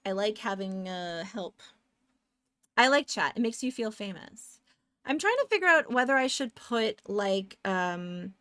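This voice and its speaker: A woman's voice: mid-range voice, fairly bright tone, no echo. A woman streaming live while she draws pixel art, chatting casually, rambling off on tangents and answering her chat.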